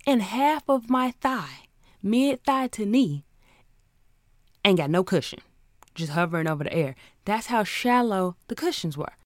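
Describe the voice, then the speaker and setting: A woman hosting a podcast, telling a comic story in an animated, profane, exasperated rant. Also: a little high, dry recording, studio quality. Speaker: podcast host. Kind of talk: comedic storytelling monologue.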